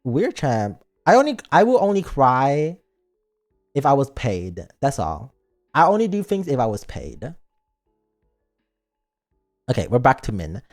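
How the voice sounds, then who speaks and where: A man chatting on a game stream in a silly, joking and rambling way. His pitch swings widely, and faint music plays behind him. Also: huge pitch swings, measured pace, pauses often, darkish tone. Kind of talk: casual game stream chat.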